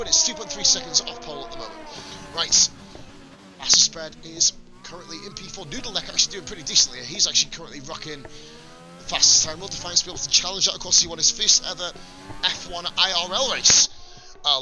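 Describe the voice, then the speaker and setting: Male streamer commentating a sim race, slightly high voice, loose and sweary, music playing underneath. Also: expressive, a little fast. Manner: casual, sweary, rambling banter with chat. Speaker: sim racing league commentator and stream host. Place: home streaming setup.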